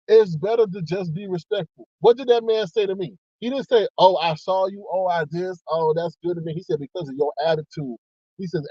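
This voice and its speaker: A man telling a personal story to his viewers in a casual, animated way, acting out both sides with sudden excited jumps up in pitch. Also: dry recording, dull audio. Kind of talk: casual storytelling to a live audience.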